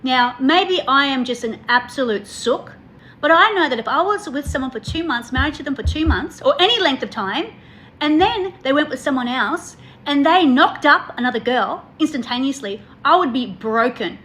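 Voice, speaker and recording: A woman's voice: high voice, lively intonation, normal speed, fairly bright tone, slight background noise. A woman co-hosting a casual chat, emotional and laughing often. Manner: emotional, laughs a lot, exaggerates. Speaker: podcast co-host.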